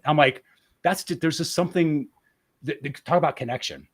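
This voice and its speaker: A man's voice: on the high side, normal speed, husky. A man as a podcast guest, speaking candidly and reflectively, often restarting and repeating words as he searches for the right phrasing. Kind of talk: candid interview conversation.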